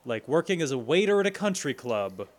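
A man's voice: fairly high pitch, big pitch swings, brisk. A young man co-hosting a podcast, recapping with dry, sarcastic jokes. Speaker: podcast co-host. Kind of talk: casual chat.

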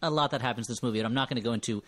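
A man's voice: mid-range voice, very fast, a bit bright. A male podcast host recaps a film in easy, casual chat. His asides are dry and wry. He rambles a bit and corrects himself mid-sentence. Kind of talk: casual comedic movie recap.

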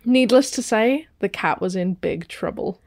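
A woman's voice: medium pitch, animated, measured pace, a little mellow, no echo, studio quality. A woman co-hosting a podcast, reading out a story in a playful way. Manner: playful, laughs often, reads stories aloud. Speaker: podcast co-host. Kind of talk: casual storytelling chat.

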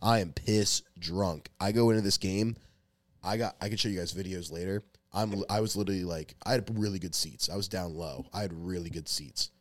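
A man's voice: sits low, fairly quick, dry recording. A young man telling a long, rambling, profane story in casual podcast talk. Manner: rambling, profane, restarts often. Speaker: podcast co-host.

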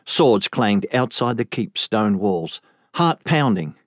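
Slow, deliberate male audiobook narrator. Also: lowish voice, animated, dry recording, clean studio sound. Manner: measured, deliberate storytelling. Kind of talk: scripted narration.

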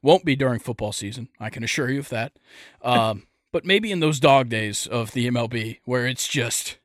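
A man's voice: mid-range voice, moderate pace, no room sound, studio quality. A young man hosting a casual sports podcast, rambling and joking with lots of fillers. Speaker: podcast host.

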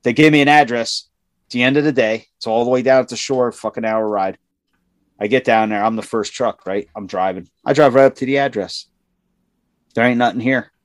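With a mid-range voice and a slightly fast delivery, this man tells a work story in a casual chat, and there's no echo. His telling is profane and animated, and he voices the people in it loudly when quoting them.

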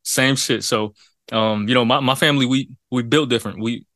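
A man's voice: medium pitch, a little fast, a bit bright, no room sound, clean studio sound. A man co-hosting a casual podcast chat, talking frankly and rambling, with swearing and laughs. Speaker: podcast co-host.

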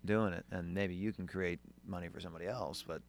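Laid-back low-voiced man, faint hum behind. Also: fairly even intonation, fairly quick, gravelly. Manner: laid-back, agreeable, many "you know" fillers. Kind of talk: casual chat.

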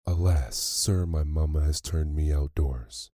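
A man's voice: very deep voice, unhurried, dark tone, breathy edge, dry recording, clean studio sound, heavily acted. A man voicing a sweet, polite young peasant girl in a storybook reading, meek and courteous.

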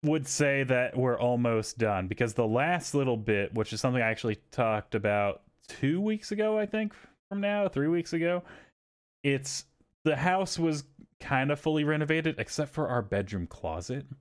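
Male podcast host, mid-pitched, casual storyteller, swears freely. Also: normal speed, clean tone. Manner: animated, profane, acts out quotes.

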